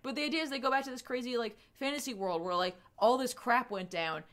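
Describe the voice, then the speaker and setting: A woman's voice: a little high, fast, fairly bright tone. A woman co-hosting a podcast, chatting casually and rambling through a comic's plot with lots of "like" and "um.". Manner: rambling, full of "like" and "um". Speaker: podcast co-host reviewing comics. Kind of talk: casual chat.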